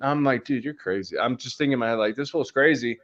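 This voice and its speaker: A man's voice: mid-range voice, steady tone, fast, fairly bright tone, highs cut off. A man casually telling a long story on a podcast, rambling and swearing with lots of fillers. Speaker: podcast co-host.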